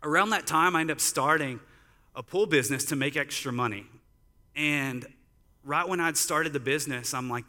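A man preaching at a church service who tells stories in a chatty, conversational way. His voice is bright and forceful at a medium pitch. It carries through the sanctuary with a long hall reverb. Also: brisk. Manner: conversational storytelling, many "like" fillers. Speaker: pastor. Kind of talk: sermon.

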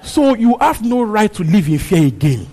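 A man's voice: high-pitched, big pitch swings, moderate pace, dark tone, husky, rough recording. A man preaching a sermon, repeating his phrases and asking the congregation questions. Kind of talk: sermon teaching on a Bible passage.

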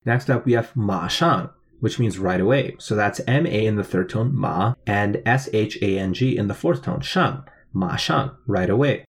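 A man co-hosts a language lesson as the teacher, spelling out each word and explaining its meaning step by step in a clear, methodical way. His voice is lowish, and he speaks at a moderate pace with hardly any pauses.

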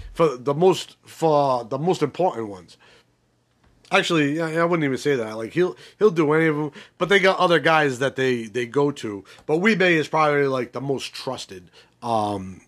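A man hosting a podcast, recapping a crime series in a rambling, profane, casual way with many restarts and fillers. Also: medium pitch. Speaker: podcast host.

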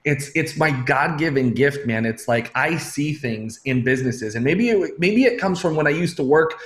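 Brief: middle-aged male guest, animated storyteller, casual and talkative. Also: on the high side, moderate pace. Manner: animated, laughs often, says "man" a lot. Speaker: real estate investor and consultant, guest.

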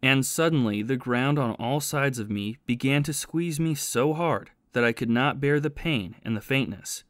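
A man's voice: medium pitch, moderate pace, no room sound, clean studio sound, close to an everyday voice. A man voicing a remorseful former soldier and thief who confesses his past in a plain storytelling manner.

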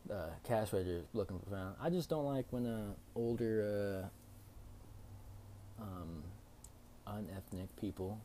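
A young man hosting a podcast, telling a story in a casual, profane, animated way with lots of fillers. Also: fairly low pitch, slight background noise. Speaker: podcast host.

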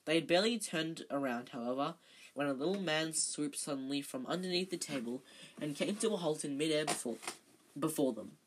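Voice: mid-range voice, expressive, brisk, slight background noise. Stumbling, chatty amateur reader of a novel. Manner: stumbling, self-correcting, chatty asides. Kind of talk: reading a novel aloud.

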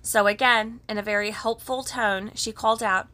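A woman reading a children's story aloud in an even, gentle storybook manner. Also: on the high side, moderate pace.

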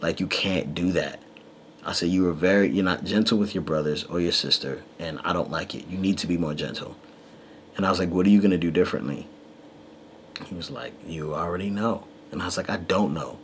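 A man with a very low voice co-hosts a podcast, chatting casually and acting out what people said. Faint hiss sits under the recording. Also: a little fast. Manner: animated storyteller, acts out quotes. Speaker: podcast co-host. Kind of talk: casual storytelling chat.

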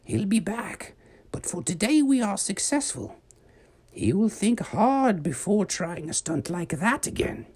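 A man voicing a kindly, motherly magical lady of the forest in a high, slow, quavering put-on voice, addressing children in a storybook. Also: sing-song, darkish tone, slightly rough, full character voice. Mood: reassuring.

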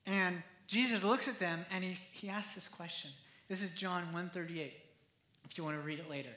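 High bright-voiced male pastor preaching. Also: moderate pace, echoey room. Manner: conversational, animated preaching with acted quotes. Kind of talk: sermon.

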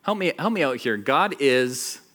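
A man's voice: mid-range voice, a little slow. A man giving a casual sermon to a small group, telling a story with lots of fillers and acting out the quotes. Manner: animated storytelling, acts out quotes, many fillers. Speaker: pastor.

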